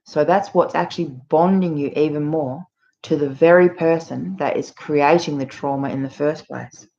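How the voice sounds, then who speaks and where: A woman's voice: low-pitched, normal speed, a little mellow. A woman hosting her channel, earnestly explaining with frequent fillers. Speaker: channel host. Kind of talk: talking to camera about abuse. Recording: muffled lo-fi audio.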